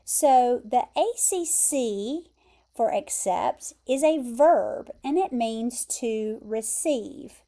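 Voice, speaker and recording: American woman, English teacher, very slow and deliberate delivery, mellow tone, slightly high voice, patient explainer. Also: animated. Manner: slow, careful explaining with clear repeated pronunciations. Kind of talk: vocabulary lesson.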